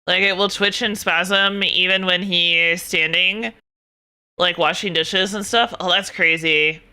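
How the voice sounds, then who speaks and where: Bright, crisp young woman streamer. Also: fairly low pitch, unhurried. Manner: animated, swearing, exasperated ranting. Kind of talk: casual chat.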